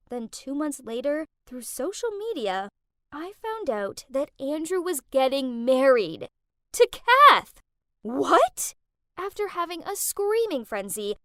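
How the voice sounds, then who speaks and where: A young woman telling a dramatic first-person story for an animated storytime video, with emotional outbursts. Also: a little high, dry recording, studio quality.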